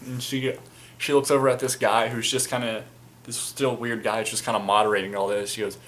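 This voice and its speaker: Casting: young man, loose rambling storyteller, crude slang, mid-range pitch. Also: little pitch movement, brisk, fairly bright tone, slight background noise. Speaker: storyteller, fan video maker. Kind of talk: casual storytelling about a tabletop game.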